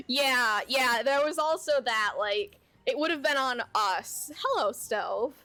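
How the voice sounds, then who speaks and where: Chatty young woman, unhurried and highish. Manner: chatty, animated, lots of "like", casual swearing. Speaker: VTuber streamer. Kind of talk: casual storytelling chat while gaming. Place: home, at her computer.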